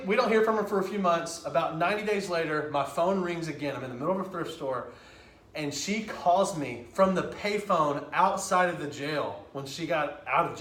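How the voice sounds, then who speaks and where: A man giving a storytelling speech on stage, lively and conversational, with quick asides. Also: fairly high pitch. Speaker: speaker. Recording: echoey hall.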